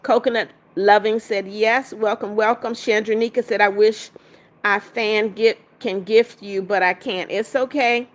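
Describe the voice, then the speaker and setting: A woman's voice: mid-range voice, fairly even intonation, measured pace. A woman hosting a casual livestream, reading viewers' comments aloud, greeting them and firmly sending out trolls. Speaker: livestream host.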